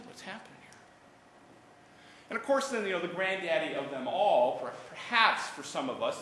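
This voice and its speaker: Man, university lecturer, animated, stumbling restarts, roomy hall, faint ambience. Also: medium pitch, a little hiss or hum.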